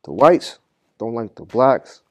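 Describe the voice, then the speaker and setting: A young man from Boston telling a story as a podcast guest, in an animated, slangy way that gets loud as the story builds. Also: mid-range voice, slow pace, no echo. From Boston, Massachusetts. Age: young adult. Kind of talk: casual storytelling.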